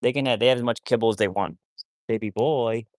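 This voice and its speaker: A man's voice: fairly low pitch, fairly even intonation, fairly quick, no room sound, studio quality. A man talking casually to livestream viewers while working with his dogs, rambling and often restarting his sentences. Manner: rambling, repeats himself, trails off mid-sentence; soothing, cooing talk to his dogs. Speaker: wolfdog rescuer livestreaming. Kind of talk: casual live-stream talk to viewers.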